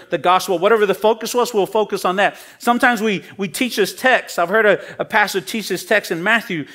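This pastor keeps his sermon casual and slangy, speaking as if in conversation. His voice sits high, alternating between forceful climbs and soft, fading endings.

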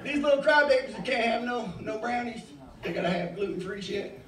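A man's voice: very high voice, expressive, brisk, fairly bright tone. A middle-aged man doing open mic stand-up, rambling and swearing freely. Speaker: stand-up comic. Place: bar stage. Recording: echoey bar, mic far off.

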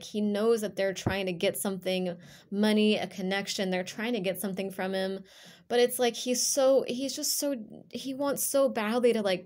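A woman's voice: medium pitch, darkish tone. A woman giving an intuitive tarot reading to camera, rambling and emotional, with frequent fillers and restarts. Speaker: tarot reader.

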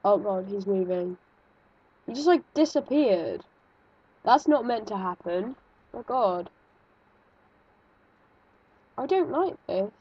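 A woman talks her way through a game, nervous and jumpy, often breaking into sudden exclamations. Her voice is husky and a little breathy. The recording is muffled and lo-fi. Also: medium pitch, expressive, a little slow, dark tone. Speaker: gaming video creator. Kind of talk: let's-play game commentary.

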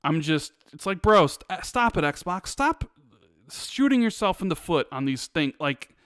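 High-voiced man ranting emphatically. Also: measured pace, smooth, dry recording, studio quality. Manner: animated, emphatic ranting with repetitions. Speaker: podcast co-host. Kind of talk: casual podcast chat.

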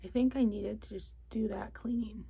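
A young woman vlogging in a casual chat from a closet at home, talking softly and often slipping into a whisper. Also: medium pitch, fairly even intonation, normal speed, creaky, husky. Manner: soft, often drops to a whisper.

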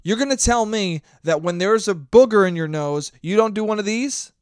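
A young man hosting his own podcast, ranting with lots of swearing and sometimes shouting into a handheld mic. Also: high-pitched, moderate pace, clean tone, dry recording, clean studio sound. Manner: profane, animated ranting; shouting at times. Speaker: podcast host. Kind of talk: solo podcast monologue.

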